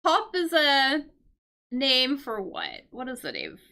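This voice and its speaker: A woman's voice: high-pitched, huge pitch swings, slow pace, creaky, bright, forceful tone. A woman teaching English vocabulary through a crossword, explaining patiently with fillers and check-in questions. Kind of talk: casual livestream lesson solving a crossword.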